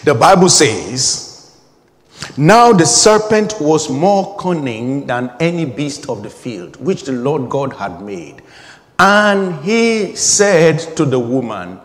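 Guy preaching a sermon in a big echoey hall, slightly high voice, keeps hammering the same line. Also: big pitch swings, slow. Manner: emphatic, repeating phrases, rising intensity.

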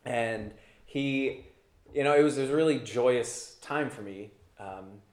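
A priest preaching a homily in a low, easygoing voice that wanders through fillers and restarts. The sound is roomy, with a clear echo around him. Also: male voice. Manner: relaxed, conversational, with many fillers and restarts. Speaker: Catholic priest. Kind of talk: homily mixing personal story and preaching. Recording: echoey room.

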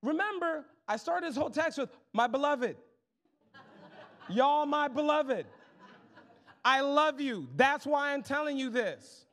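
A young man preaching a sermon as pastor, casual and humorous, calling the crowd y'all and swinging between soft asides and loud exclamations. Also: very high voice, expressive, measured pace, long pauses. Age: young adult.

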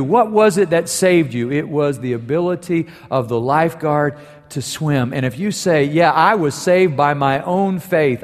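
A man preaching a sermon as pastor, telling stories and building to emphatic points. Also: mid-range voice. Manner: storytelling, building to emphatic declarations. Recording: long reverb of a large hall.

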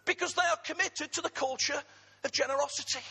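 A middle-aged man from England preaching a sermon, husky in tone, with humorous asides to the congregation. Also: very high-pitched, fairly even intonation, fairly quick, bright, forceful tone, in a large hall. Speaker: pastor.

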